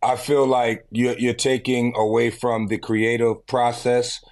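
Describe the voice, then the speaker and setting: A relaxed man in his fifties speaks with a New York accent, chatting easily in an interview. He talks at an unhurried, even pitch, drifts into drawling asides and breaks into easy laughter. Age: 50s. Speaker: guest. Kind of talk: casual interview chat.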